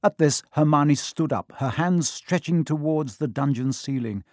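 A man's voice: on the high side, normal speed, a little mellow, dry recording. Male storybook narrator, dry and close. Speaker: audiobook narrator.

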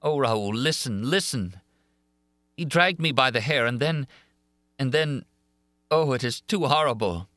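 A man doing a frightened young woman, lifted in pitch and bright, with a pleading, halting delivery in a storybook reading. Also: expressive, no echo, studio quality. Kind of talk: audiobook character reading.

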